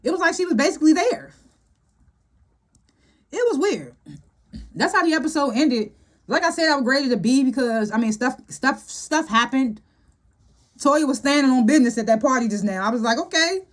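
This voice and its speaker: A woman casually recapping a TV episode as a show reviewer, chatty and animated and laughing often. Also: high voice, moderate pace, long pauses.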